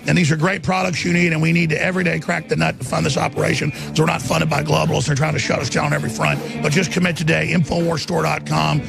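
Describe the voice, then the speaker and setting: A man hosting a talk radio show, ranting angrily and emphatically, pitching products between tirades. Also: flat delivery, fast, creaky, few pauses, music in the background. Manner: angry, emphatic, repetitive ranting.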